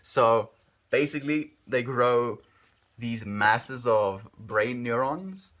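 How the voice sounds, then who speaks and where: A man's voice: mid-range voice, expressive, slow, a bit bright. A man with a South African accent chatting on a livestream, musing and rambling as he thinks aloud, with hums between thoughts. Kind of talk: casual livestream chat.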